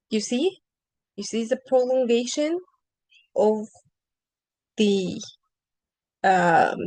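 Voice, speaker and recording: Woman, reading teacher on a video call, patient and questioning, very unhurried delivery, dry close sound. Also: fairly high pitch, darkish tone, no echo, rough recording. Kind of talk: online one-on-one lesson.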